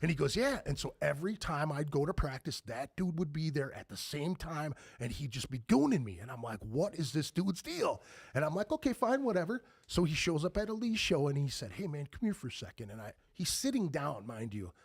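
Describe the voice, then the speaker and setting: A man in his forties, a band member guest on a podcast, telling stories in a lively, profane way and loudly acting out what people said. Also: a little high, a little fast, gravelly, slightly rough, dry recording, studio quality. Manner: animated, profane, acts out quoted lines loudly. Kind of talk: casual podcast storytelling.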